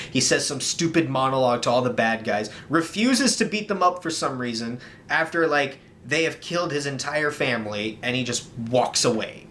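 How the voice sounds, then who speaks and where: A man's voice: mid-range voice, a bit bright, a little hiss or hum. A man narrating a comedic movie review in an exasperated, sarcastic tone.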